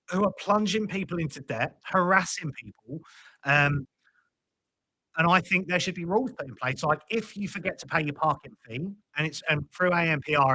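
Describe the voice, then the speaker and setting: A young British man ranting through a live stream, his voice bright, forceful and a little high. He swears freely and stumbles over restarts as his thoughts run on. The sound is dry and close. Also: dry recording, low-quality recording. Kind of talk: casual political commentary.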